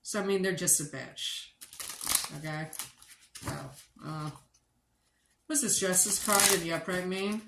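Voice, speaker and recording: A woman reads tarot cards on a livestream, unhurried, unfiltered and sarcastic. She swears freely as she works through the spread. The sound is roomy and echoey with clear background noise. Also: on the low side. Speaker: tarot reader.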